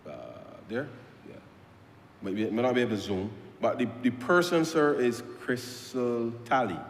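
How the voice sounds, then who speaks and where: A man's voice: medium pitch, normal speed, a little hiss or hum. A Barbadian man giving an impassioned parliamentary speech, repeating phrases and addressing the Speaker as sir. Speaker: member of parliament. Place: parliament chamber. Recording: roomy chamber with long reverb.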